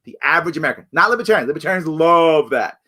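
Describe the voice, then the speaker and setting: Talking very fast, the host of a live ask-me-anything stream answers chat questions in a casual, animated way. He restarts and corrects himself often, and his voice leaps up in pitch whenever he imitates someone.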